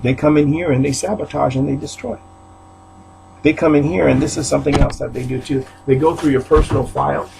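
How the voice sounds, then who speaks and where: Aggrieved man with a gravelly voice. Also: a little high, steady tone, a little fast, background noise. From Haiti. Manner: aggrieved, repetitive, rising to outbursts. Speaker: preacher. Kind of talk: agitated video rant. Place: apartment, indoors.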